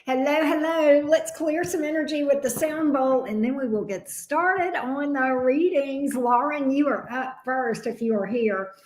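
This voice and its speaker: A woman with a Southern drawl sits in an echoey room, hosting a casual tarot live stream. Her voice is high and her pace unhurried. She chats easily and greets viewers one by one. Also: a little mellow. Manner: chatty, greets viewers by name.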